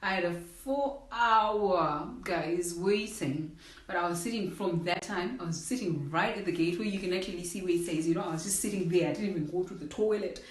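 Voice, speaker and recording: A woman's voice: lowish voice, brisk, distant mic. A young woman from Zimbabwe telling a casual storytime to her viewers, acting out the voices in it and calling them "guys" again and again. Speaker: vlogger. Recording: roomy echo.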